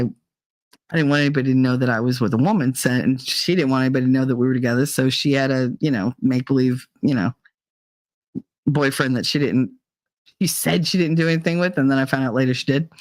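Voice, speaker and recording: A woman's voice: a bass voice, steady tone, brisk, a little mellow, dry recording, poor audio. A woman hosting a podcast, telling a story in a frank, profane, casual way and laughing often. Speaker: podcast host.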